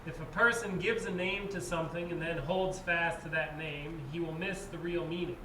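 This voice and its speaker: A man reading a quote aloud in a slow, careful way. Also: fairly high pitch, steady tone, bright, forceful tone. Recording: distant, echoey, noisy room.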